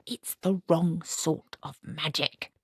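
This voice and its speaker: A woman voicing a stubborn, sharp-tongued old witch in an audiobook reading, with indignant clipped outbursts. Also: low-pitched, steady tone, takes it slowly, breathy edge, no echo, studio quality, exaggerated voice. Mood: stern.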